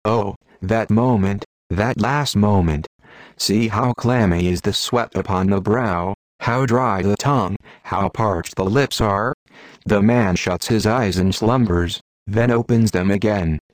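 A man's voice: fairly low pitch, no room sound. A man delivering an old-fashioned sermon in a solemn, declamatory way. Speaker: preacher. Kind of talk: Victorian sermon reading.

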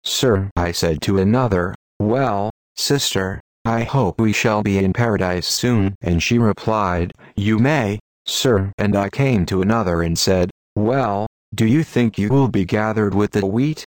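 A man preaching a sermon in a fervent, solemn, rhetorical manner. His voice sits low. The sound is close and dry, with no room around it. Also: a little slow, few pauses, no room sound. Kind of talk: old-style sermon reading.

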